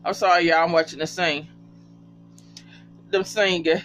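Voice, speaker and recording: A casual reality TV recapper talking straight to viewers, often breaking into high, cracking laughter. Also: steady tone, a little slow, a bit bright. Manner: chatty, addresses viewers as y'all. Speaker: TV show recapper. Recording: dull lo-fi sound with faint hum.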